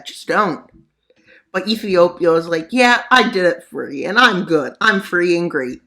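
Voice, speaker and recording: A channel host narrating a map scenario in joking commentary, full of sarcastic asides and mock-serious mutters. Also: a bit bright. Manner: voice jumps up for punchlines, drops low for mutters. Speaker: mapping video narrator. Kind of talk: joking geopolitical commentary over maps.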